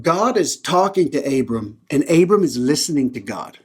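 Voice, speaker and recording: A man with a fairly high, husky voice reads a scripture passage, then retells it with irreverent, casual humor, like a lay teacher on his own podcast. He's loose and jokey rather than preachy, speaking at a normal speed with big swings in pitch.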